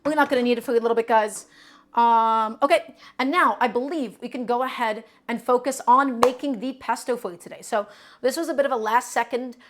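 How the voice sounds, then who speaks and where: A woman's voice: a little high, a little fast, slight background noise. A woman from Brooklyn who hosts a live cooking stream, explaining each step as she cooks and answering viewers' questions in a chatty way. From Brooklyn, New York.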